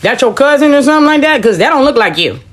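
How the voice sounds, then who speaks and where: A woman's voice: high voice, very animated, quick pace. A woman hosting a reaction video with blunt, teasing, snarky commentary.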